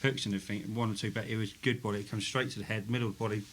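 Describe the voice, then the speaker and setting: A man's voice: fairly low pitch, fairly even intonation, rapid-fire, a bit bright, slight background noise. A man, a boxer co-hosting, breaking down a fight in a plain, clipped way. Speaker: boxer co-host. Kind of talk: casual fight analysis.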